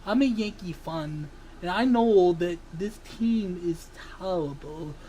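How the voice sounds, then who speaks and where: A sports vlogger ranting angrily, swearing and breaking into sudden yells, then apologizing for them. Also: medium pitch, expressive, slow, slight background noise, poor audio. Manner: ranting, swearing, bursts into yelling; self-interrupting, apologizes for yelling. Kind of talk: angry sports rant.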